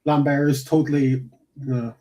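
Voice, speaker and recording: Man, host, casual film chat, relaxed, short replies, mellow voice, slightly high pitch. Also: normal speed. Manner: relaxed, brief agreeing interjections.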